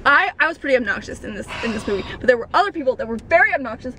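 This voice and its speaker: A woman's voice: sits high, animated, very fast, a little hiss or hum, low-quality recording. Gushing young woman vlogging in a car. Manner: gushing, bursts into loud acted quotes. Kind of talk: excited casual chat. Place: parked car.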